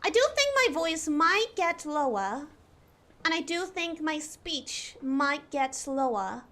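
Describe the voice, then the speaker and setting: A woman streamer putting on a posh British accent during a live game stream, playing a prim, proper English lady who speaks slowly and sounds out every letter and long vowel. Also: high-pitched, very animated, bright, forceful tone, full character voice. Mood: earnest. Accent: put-on posh British (received pronunciation). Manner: slow, deliberate over-enunciation of every letter and long vowels.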